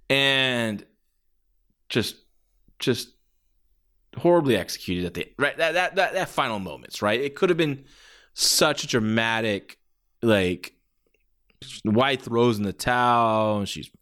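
A man's voice: mid-range voice, big pitch swings, unhurried, long pauses, fairly bright tone. A man giving a casual, rambling spoken review of a wrestling match. He swears freely and often restarts his sentences.

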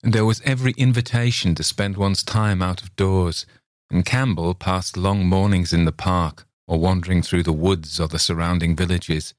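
A man narrating a classic short story in a measured, steady reading voice. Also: deep voice, no echo, studio quality. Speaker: reader. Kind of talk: audiobook narration.

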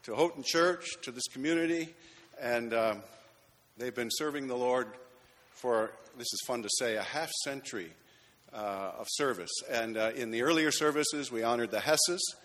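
A man's voice: medium pitch, normal speed. Pastor guy, mid voice, chatty with little jokes, long reverb in the church. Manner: warm, chatty, lightly joking. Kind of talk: church announcements and recognition. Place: church sanctuary.

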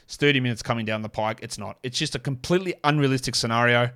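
A man hosting a casual sports show, reading off stats quickly with blunt, sarcastic commentary. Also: mid-range voice, a bit bright. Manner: blunt, sarcastic, rapid-fire stat reading. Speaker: podcast host.

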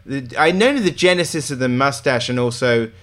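A man's voice: medium pitch, expressive, moderate pace, fairly bright tone. A man interviewing a band, asking enthusiastic, chatty questions. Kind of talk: casual interview.

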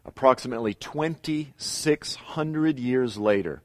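A middle-aged man teaching a Bible lesson, telling the story in a steady way with pauses and emphatic repeats. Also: medium pitch, no room sound, studio quality. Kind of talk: teaching lecture.

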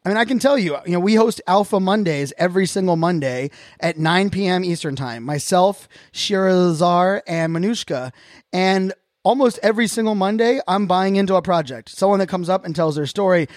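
A man's voice: high-pitched, normal speed, dry recording, clean studio sound. A man hosting a casual solo podcast, talking earnestly and reflectively in loose, self-correcting sentences. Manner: earnest, openly reflective, talks in loose restarts. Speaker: podcast host.

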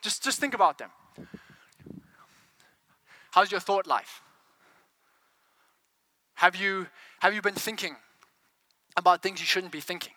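A man's voice: high-pitched, slow, pauses often, pushed and bright, dry recording. A man preaching a sermon, firing rhetorical questions at the congregation and repeating words as he builds momentum.

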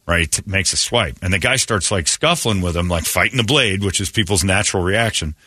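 Morning radio host, male, low-ish voice, blunt storyteller, dry booth. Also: fairly quick, husky, no echo. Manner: blunt, storytelling, animated retelling. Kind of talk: casual talk radio banter. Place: radio studio. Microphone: studio mic. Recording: dry close studio sound.

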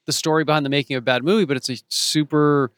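A man in his forties, an actor and author, telling stories as an interview guest, animated and acting out the voices of the people he quotes. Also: a little high, quick pace, clean tone, no echo. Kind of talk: casual storytelling in an interview. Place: home in Los Angeles.

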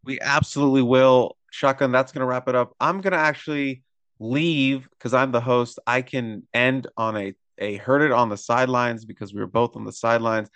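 A man hosts a casual sports podcast in a jokey, rambling way. His voice sits in a middle pitch. The sound is dry and close, with no room around it. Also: fairly even intonation, moderate pace, a bit bright, clear, resonant tone, no echo. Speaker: podcast host.

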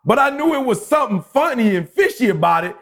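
A man in his forties on a casual podcast, telling a story with lively acted-out quotes. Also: very high voice, fast, gravelly. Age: 40s. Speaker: podcast co-host.

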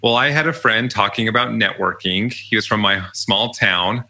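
Bright, easygoing chatty man. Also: fairly low pitch, moderate pace. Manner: easygoing, chatty, laughs often. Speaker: podcast guest. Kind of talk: casual storytelling interview.

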